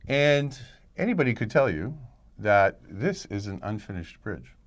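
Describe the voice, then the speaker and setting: Low-voiced man lecturing casually. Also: big pitch swings, a little slow. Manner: conversational, thinks aloud with restarts and frequent "right?". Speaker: college professor. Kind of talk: recorded lecture.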